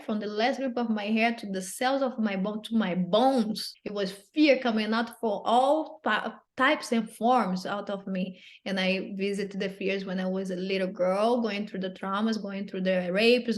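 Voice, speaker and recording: A woman telling a personal story as an interview guest, earnest and halting, often repeating and restarting phrases, in non-native English grammar. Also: medium pitch.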